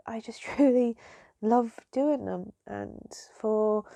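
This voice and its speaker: A woman's voice: medium pitch, gravelly, darkish tone, no room sound. A woman vlogger chatting casually and emotionally, rambling with lots of fillers and restarts. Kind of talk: casual chat.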